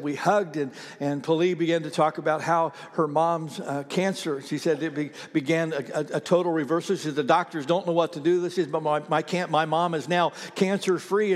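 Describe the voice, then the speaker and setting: A man preaching a sermon as pastor, telling a story conversationally with frequent fillers and pauses. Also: a little high, steady tone, long reverb tail.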